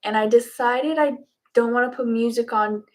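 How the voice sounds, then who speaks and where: A woman's voice: a little high, normal speed, a little mellow. A woman chatting casually and giggling with her students and her cats before a live online yoga class. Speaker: yoga instructor.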